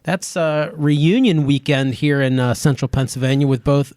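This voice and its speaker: A man's voice: a little high, moderate pace, darkish tone, dry recording. A man co-hosting a podcast in a small studio, reading out upcoming events in a loose, joking way. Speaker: podcast co-host. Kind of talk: casual chat.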